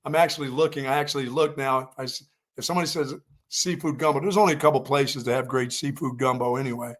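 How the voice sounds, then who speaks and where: A man's voice: medium pitch, steady tone, fast talker. A man co-hosting a sports radio show, telling joking stories in casual chat. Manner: joking storyteller, laughs at himself.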